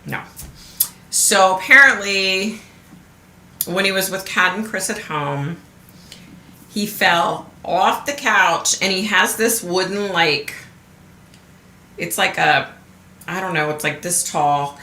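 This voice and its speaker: Chatty woman telling stories, bright tone. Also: fairly low pitch, a little slow, echoey room. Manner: chatty storyteller, laughs often, acts out quotes. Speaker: vlogger. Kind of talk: casual livestream chat.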